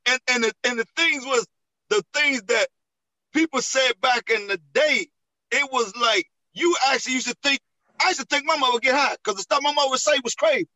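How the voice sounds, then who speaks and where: Male chat guest, very high and sharp, emphatic, dry close sound. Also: brisk, no room sound, low-quality recording. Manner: emphatic, eager agreement, laughs often. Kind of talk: casual storytelling chat.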